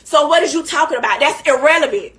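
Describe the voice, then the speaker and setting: A woman's voice: high voice, animated, fast talker, fairly bright tone. A woman hosting a live stream in casual chat, heated and emphatic, repeating her points. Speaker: livestream host.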